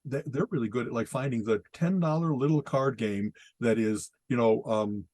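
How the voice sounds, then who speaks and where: A man co-hosting a podcast, chatting reflectively and quickly chiming in with agreement. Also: medium pitch, darkish tone, no echo. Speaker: podcast co-host. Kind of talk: casual chat.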